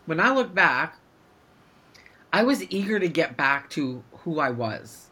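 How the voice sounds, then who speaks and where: A woman's voice: sits low, big pitch swings, a little slow, pushed and bright, breathy edge. A woman co-hosting a podcast, talking in a reflective, earnest way in casual conversation. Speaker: podcast co-host.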